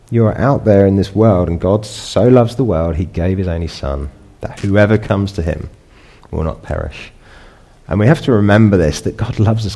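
A middle-aged man delivers a sermon in a relaxed, conversational way. His voice sits low, and he pushes it up into emphatic peaks when he wants to stress a point. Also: normal speed. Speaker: pastor.

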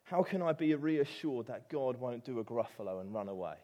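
A man's voice: mid-range voice, expressive, brisk, warm tone, highs cut off. A man with an English accent preaching a sermon, telling a story with animation and rising to emphatic peaks.

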